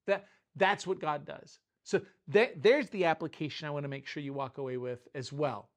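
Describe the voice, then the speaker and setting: A man preaching in a loose, conversational way, with a slightly high voice. He jokes, trails off, and restarts his thoughts as he talks through his points. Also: normal speed. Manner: conversational, self-interrupting, joking asides. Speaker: pastor. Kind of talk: informal sermon.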